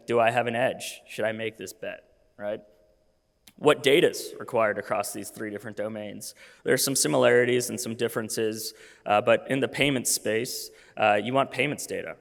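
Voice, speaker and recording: A man's voice: mid-range voice, creaky. A man in his thirties giving a conference presentation, losing his voice, casual with many fillers and restarts. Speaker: conference speaker. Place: conference hall. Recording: long reverb of a hall.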